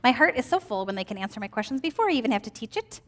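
High-voiced woman teaching a children's lesson. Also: sing-song, racing, a little hiss or hum. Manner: upbeat, quizzing children with questions.

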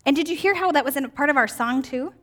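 Woman in her 40s, children's ministry teacher, high bright voice, upbeat, keeps asking the kids questions. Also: quick pace. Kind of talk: children's church lesson.

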